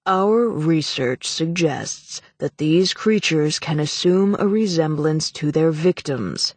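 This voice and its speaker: A woman voicing a pompous, indignant older male politician who speaks slowly and heavily. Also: sits low, animated, dry recording, heavily acted. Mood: heavy. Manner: heavy, slow, indignant.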